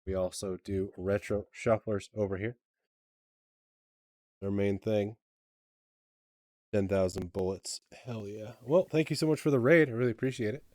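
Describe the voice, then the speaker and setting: A man streaming a game live, chatting with viewers in a relaxed, friendly way and reading game text aloud. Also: lowish voice, normal speed, long pauses, dry recording, studio quality. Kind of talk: livestream gameplay commentary and reading.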